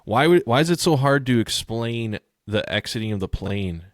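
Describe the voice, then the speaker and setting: A man's voice: mid-range voice, animated, moderate pace, no echo, clean studio sound. A man co-hosting a podcast, ranting in a profane, sarcastic way in casual chat. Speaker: podcast co-host.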